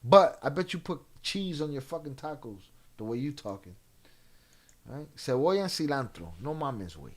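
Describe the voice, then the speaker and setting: A man's voice: medium pitch, sing-song, normal speed. A man streaming and reading chat in a loose, profane way, dropping in Spanish slang. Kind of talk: casual live-stream chat.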